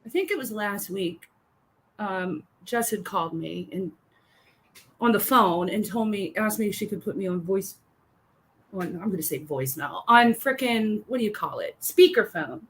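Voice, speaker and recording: A woman's voice: medium pitch, animated, moderate pace. A woman co-hosting a livestream, chatting casually and rambling, with free swearing. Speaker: livestream co-host.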